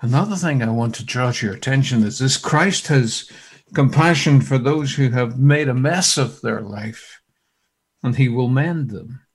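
A man preaching a sermon, swinging dramatically between loud outbursts and hushed asides. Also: medium pitch, a little slow, breathy edge.

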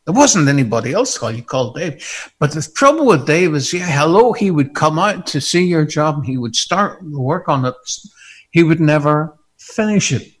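A man preaching a sermon, animated and often laughing, building to fervent repetition. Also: a little high, moderate pace, husky.

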